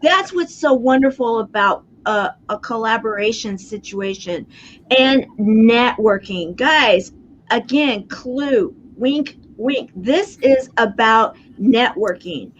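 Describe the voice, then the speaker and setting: A woman's voice: fairly high pitch, animated, slow pace, a little hiss or hum. A woman hosting a talk show, effusive and emphatic in casual chat. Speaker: host. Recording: dull lo-fi audio.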